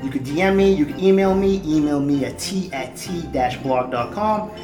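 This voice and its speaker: A podcast host with a thick Boston accent rants on his own, swearing freely and hammering each point. His voice sits a little high for a man. The recording rings with room echo. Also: normal speed, over music. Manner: heated, profane, emphatic. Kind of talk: solo podcast rant.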